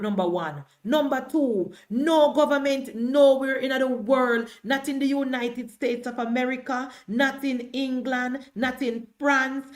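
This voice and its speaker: A Jamaican woman giving combative political commentary on a live stream, hammering her points with repetition. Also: high-pitched.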